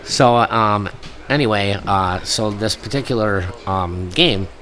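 A man's voice: on the low side, slow pace, slight background noise. Laughing man telling a wild story. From Buffalo area, US. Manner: laughing, animated storyteller acting out quotes. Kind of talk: casual storytelling chat.

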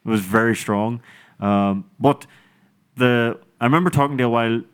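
A man hosting a podcast, telling stories in casual banter with lively voices for the people in them. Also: mid-range voice, moderate pace, smooth. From Ireland. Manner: animated storytelling, laughing often. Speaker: podcast host.

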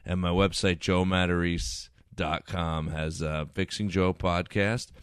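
A man's voice: sits low, level tone, a little slow, smooth, no echo. A man who is a comedian and guest on a podcast, chatting casually and cracking crude jokes.

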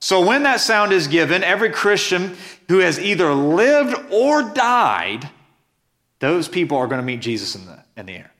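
A man's voice: high voice, big pitch swings, moderate pace, fairly bright tone. A man preaching a sermon as pastor, reading scripture and explaining it earnestly and emphatically.

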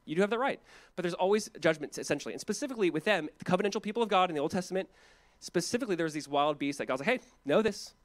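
Pastor guy preaching, kinda high voice, chatty and animated, acts out lines. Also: very fast. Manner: animated, conversational preaching with laughs and acted-out quotes. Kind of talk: sermon.

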